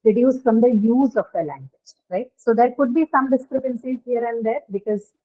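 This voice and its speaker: A woman's voice: fairly high pitch, normal speed. A woman with an Indian English accent teaching an online class, explaining step by step and checking understanding. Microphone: video call. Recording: tinny phone-like line.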